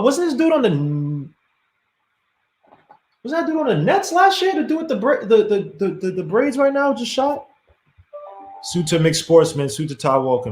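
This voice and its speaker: A man calls a basketball game live for his podcast stream, mid-pitched and loose, full of "uh"s and restarts as he vents and apologizes. His voice carries a noticeable room echo, as if recorded in a bare space. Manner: frustrated, apologetic, rambling with many fillers. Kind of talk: casual live game commentary. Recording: echoey room.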